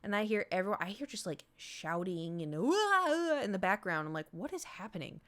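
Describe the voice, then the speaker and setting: A woman's voice: on the low side, a little fast. A young woman streamer casually telling a story, acting out the people she quotes. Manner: animated, acts out quoted voices.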